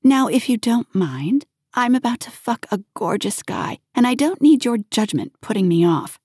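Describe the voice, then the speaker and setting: A woman's voice: a little high, sing-song, normal speed, a little mellow, husky, no room sound, clean studio sound, pitched above the performer's own voice. A woman voicing a bold young woman who is cool, confident and mocking, in an audio story. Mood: defiant.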